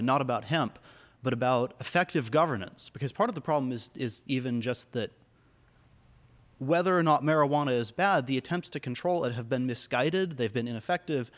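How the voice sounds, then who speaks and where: A man from the audience laying out a long, carefully argued question to a panel. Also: mid-range voice. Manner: long, reasoned question, soft at first. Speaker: audience member asking a question.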